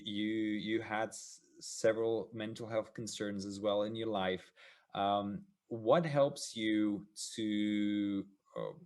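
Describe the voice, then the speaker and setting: A man hosting an interview podcast, asking questions in a halting way and praising his guest's answers. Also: on the low side, a little mellow. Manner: encouraging, halting, many fillers and restarts. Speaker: podcast host.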